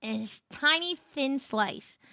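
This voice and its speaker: A woman's voice: sits high, lively intonation, slow pace, gravelly, pushed and bright, no room sound, clean studio sound. A young woman streamer chatting casually on a livestream, telling stories animatedly and greeting viewers by name.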